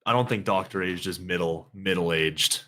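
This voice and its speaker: A man's voice: sits low, moderate pace, sharp tone. A man with a Canadian accent co-hosting a live stream, laid-back and slangy, swearing and laughing. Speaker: guest co-host. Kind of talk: casual live-stream chat.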